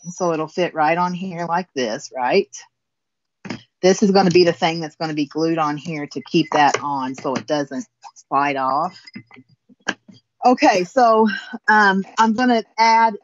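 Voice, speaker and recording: Lady w/ a thick southern indiana drawl showing a craft step by step, lowish voice, kinda muffled lo-fi sound. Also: slight background noise. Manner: chatty, folksy, explains step by step. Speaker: guest crafter demonstrating finishing. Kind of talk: casual demonstration chat.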